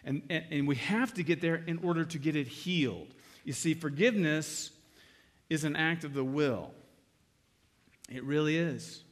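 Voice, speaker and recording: Middle-aged guy pastor giving a sermon, kinda high voice, chatty and jokey, acts out scenes. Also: moderate pace. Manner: conversational, acts out quoted exchanges with humor.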